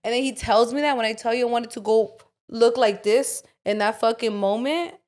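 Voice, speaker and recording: A woman's voice: on the high side, moderate pace. A young woman co-hosting a podcast, chatting casually and telling a long story full of "like" and swearing. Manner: animated storyteller, swears freely, fillers like "like". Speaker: podcast co-host. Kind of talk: casual chat.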